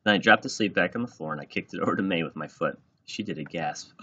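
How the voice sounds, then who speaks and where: A man reading a children's book aloud in an animated, playful way. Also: deep voice, fast, hardly any pauses, muffled recording, slight background noise. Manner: animated, plays out every line. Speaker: reader.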